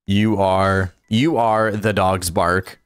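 A man's voice: sits low, steady tone, takes it slowly, clear, resonant tone, dry recording. A man hosting a casual gaming livestream, chatting playfully and reading out donations. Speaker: livestream host.

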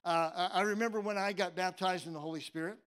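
A man's voice: high-pitched, steady tone, fast talker, fairly bright tone, clear, resonant tone. A man from San Jose, California, preaching a sermon and telling a personal story with humor and many restarts. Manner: humorous, tongue-in-cheek storytelling; conversational, with frequent restarts.

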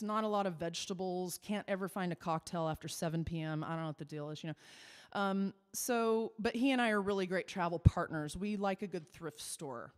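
A chatty woman from Texas, spinning self-mocking tour stories between numbers in a cabaret act. Her voice sits at an ordinary middle pitch. It carries a long, lingering reverb. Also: clear, resonant tone. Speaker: cabaret singer. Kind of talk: stage patter between songs.

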